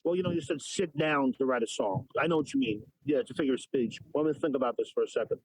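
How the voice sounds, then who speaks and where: A man's voice: mid-range voice, quick pace, hardly any pauses, husky, no echo, poor audio. A man being interviewed about his songs, rambling and repeating words in a stop-start way. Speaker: interview guest, musician. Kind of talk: casual interview chat.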